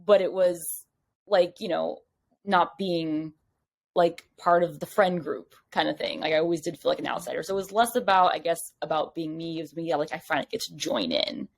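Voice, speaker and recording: A woman with a fairly low voice chats as a podcast guest. She rambles through her story with lots of "like" and animated quoted lines. Her delivery is casual and unscripted. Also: a little fast, vocal fry. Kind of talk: casual chat.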